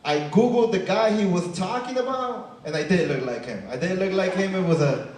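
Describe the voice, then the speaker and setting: A man's voice: high-pitched, expressive, moderate pace, darkish tone. A young man from Chicago doing a casual stand-up set, tagging lines with "man" and "right?". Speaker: stand-up comedian. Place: comedy club stage. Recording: echoey club heard from a distance.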